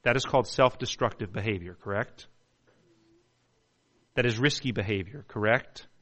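A man preaching a sermon with passion, swinging from hushed pleading to near shouting and stumbling over words when worked up. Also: fairly low pitch, moderate pace. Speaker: pastor.

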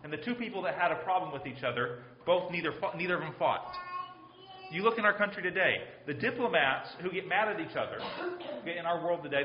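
A man's voice: a little high, animated, fast, over music. A man preaching a sermon, earnest and pleading, with a habit of repeating phrases. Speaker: pastor. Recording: roomy, slightly dull sound.

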